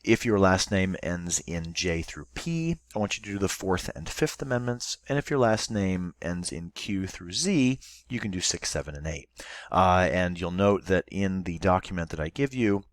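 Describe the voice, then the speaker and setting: A man's voice: deep voice, expressive, normal speed, dry recording, studio quality. A male teacher giving a recorded online class lesson, explaining step by step and thinking aloud as he goes.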